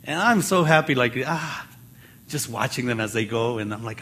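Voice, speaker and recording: A man preaching a Bible teaching sermon in a conversational way, jumping in pitch as he acts out the people he quotes. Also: normal speed, a little hiss or hum. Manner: animated, acts out quoted voices with pitch jumps; conversational with fillers and restarts.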